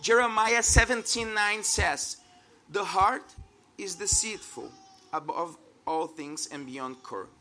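A man's voice: high voice, pushed and bright, slight background noise. Brazilian-accented man preaching a sermon. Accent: Brazilian Portuguese. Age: 30s. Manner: earnest, conversational, laughs at himself.

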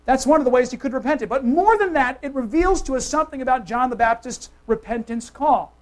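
A preacher delivering a sermon in an emphatic, conversational way. The voice swings from loud, forceful declarations to quiet, hushed asides, often turning to the congregation with quick questions. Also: sits high.

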